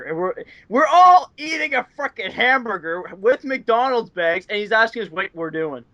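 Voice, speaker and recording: Guy telling rambly stories, lots of likes and ums, highish voice, flat dry sound. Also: normal speed, few pauses, no room sound. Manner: rambling, filler-heavy, laughs often. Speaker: interview guest. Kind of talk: casual storytelling chat. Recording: dull dry audio.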